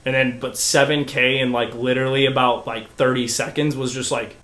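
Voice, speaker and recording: A young man casually telling a story as a podcast guest, excitable and full of restarts, swearing freely. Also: medium pitch, fairly quick, reverberant.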